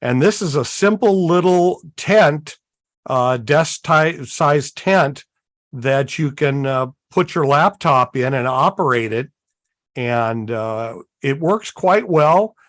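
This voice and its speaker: A man talks through gear on a live hobby show in a slow, easygoing way, with plenty of "uh" and "um" along the way. His voice sits in a middle range and sounds dry and close, with no room around it. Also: on the high side, no room sound. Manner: unhurried, folksy, many fillers. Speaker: co-host. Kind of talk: casual show-and-tell chat.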